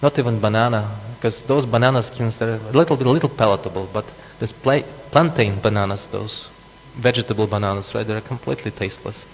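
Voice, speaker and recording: In a temple hall, a man teaches a scripture class, explaining with asides and chuckling often. He speaks fairly quickly with hardly any pauses in a fairly low voice, and the recording has long reverb and a faint hum.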